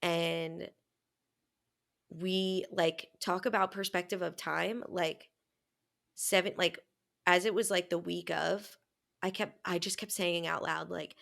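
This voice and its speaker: A woman's voice: lowish voice, fairly even intonation, measured pace, vocal fry, a bit bright. A young woman co-hosting a podcast, telling a personal story in casual, candid chat and swearing freely. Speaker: podcast co-host.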